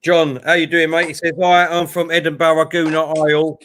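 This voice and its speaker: A man with an East London accent hosts a football watchalong and reads viewers' chat messages aloud. He talks in a friendly, easy way, and his voice sits a little high for a man. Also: little pitch movement, normal speed, fairly bright tone. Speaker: stream host.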